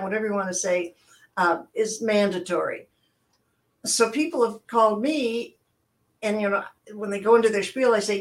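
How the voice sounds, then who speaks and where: A woman's voice: mid-range voice, fairly even intonation, moderate pace. Chatty older woman telling stories. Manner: chatty, acts out quoted voices. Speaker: guest, customer service trainer. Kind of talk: casual chat, storytelling.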